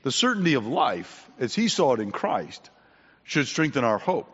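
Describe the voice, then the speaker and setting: A man preaching a sermon, repeating his main points and often clearing his throat. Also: medium pitch, sing-song, normal speed, a bit bright. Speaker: pastor. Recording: dull sound with long hall reverb.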